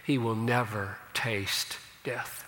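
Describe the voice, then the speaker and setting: A man preaching a sermon as a pastor, slow and emphatic, swelling into loud declarations. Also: on the low side, steady tone, in a large hall.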